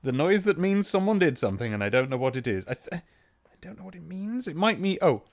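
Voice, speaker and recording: A man's voice: a little high, very animated, a little fast. A man in his thirties, chatting casually and rambling while live-streaming a game. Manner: rambling, self-interrupting, chatty.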